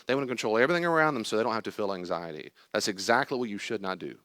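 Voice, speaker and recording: An older man teaching a group about anxiety in a lively way, acting out anxious worries and calm replies. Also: fairly low pitch, racing, no room sound, clean studio sound. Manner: emphatic, acts out anxious and calm inner voices. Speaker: teacher leading a class on anxiety.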